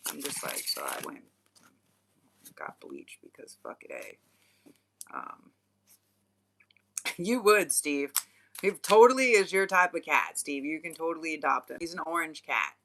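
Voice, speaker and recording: This young adult vlogger, a spiritual channeler, talks in a loose, wandering way, laughing often and swearing freely in slang. The voice is mid-range and creaky, with noise in the background.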